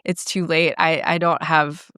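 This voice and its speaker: A woman co-hosting a podcast in relaxed casual chat, speaking haltingly with fillers. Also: low-pitched, clear, resonant tone, no echo, clean studio sound. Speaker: podcast co-host.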